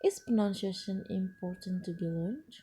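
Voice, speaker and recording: A woman, not a native English speaker, lecturing on English pronunciation with frequent pauses and restarts. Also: medium pitch, expressive, dark tone, slight background noise. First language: Indonesian. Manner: slow and hesitant, frequent uh fillers and restarts. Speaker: English teacher. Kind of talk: lecture presentation.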